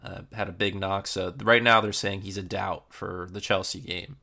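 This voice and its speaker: Podcast host, young man, deep gravelly voice, laid-back match previews. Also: normal speed. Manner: relaxed, filler-heavy match previewing. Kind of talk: casual football podcast chat.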